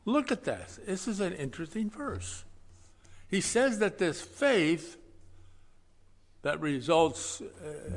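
Male pastor, fairly high voice, folksy and emphatic sermon delivery, long hall reverb. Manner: emphatic, swings between loud stresses and quiet asides; folksy, conversational preaching.

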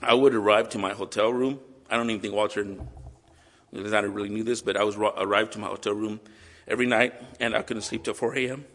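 A male pastor preaching a sermon earnestly and with emotion, reading scripture aloud slowly. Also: on the low side, fairly even intonation, fairly bright tone. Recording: long hall reverb.

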